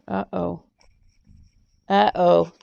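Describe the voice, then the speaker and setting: A woman's voice: on the low side, little pitch movement, drawn-out words, creaky, darkish tone, clean tone, no echo, muffled recording. A woman talking casually to her pets in a cooing, baby-talk manner. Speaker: pet owner.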